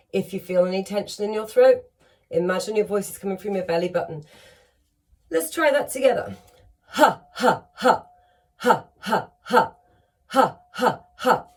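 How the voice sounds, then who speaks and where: A woman's voice: medium pitch, animated, a little fast, a little mellow. Upbeat woman teaching singing breathwork. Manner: upbeat, encouraging, demonstrates breath sounds. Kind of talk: vocal exercise lesson.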